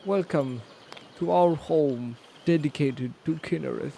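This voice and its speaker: A solemn temple priest, played by a man who speaks in slow, formal phrases. His voice is mid-pitched, with faint noise in the background. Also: vocal fry, warm tone. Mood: welcoming. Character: welcoming male temple priest.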